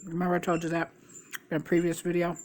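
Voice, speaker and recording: A woman's voice: lowish voice, monotone, fast talker, darkish tone. A middle-aged woman vlogger telling a rambling, gossipy story in a casual way, swearing freely. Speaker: mukbang vlogger.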